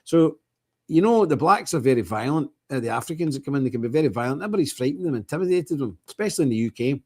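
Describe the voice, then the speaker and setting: A man delivers a livestream monologue in a blunt, emphatic style, hammering his points home by repeating them. His voice sits at an ordinary middle pitch for a man. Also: lively intonation, rapid-fire, slightly rough. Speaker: streamer host.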